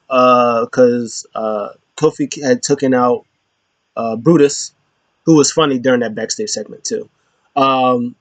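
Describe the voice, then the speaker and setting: A man's voice: medium pitch, no room sound. A man hosting a casual wrestling recap, talking loosely and rambling with lots of fillers. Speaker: show host. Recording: slightly dull lo-fi, dry.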